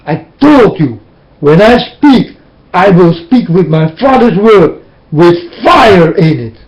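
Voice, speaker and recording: Brief: high-pitched man, slow and intense, preaching warnings at a webcam. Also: big pitch swings, low-quality recording. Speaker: self-styled preacher. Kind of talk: webcam sermon.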